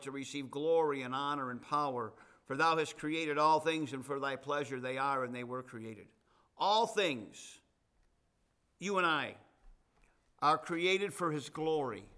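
A middle-aged male pastor delivers a sermon in a bright, forceful voice set a little high. He moves between scripture and casual, joking asides to his congregation. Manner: conversational preaching with asides and folksy humor.

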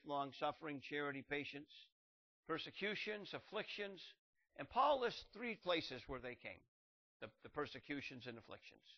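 Fervent preacher man, muffled recording. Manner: rises in pitch and volume to drive points home; reads scripture aloud in King James wording. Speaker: pastor. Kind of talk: sermon.

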